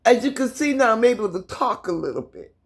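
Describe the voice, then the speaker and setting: Fighting tears and stuttering, a middle-aged woman from the United States films herself at home and pleads with her viewers in an impassioned, repetitive way for a personal vlog. She speaks fairly quickly in a high, very animated voice with a breathy edge.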